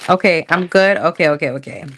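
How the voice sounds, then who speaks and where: A woman's voice: lowish voice, brisk, a bit bright. A woman casually chatting through a livestream tarot reading, slangy, thinking aloud as she pulls cards. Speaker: tarot reader.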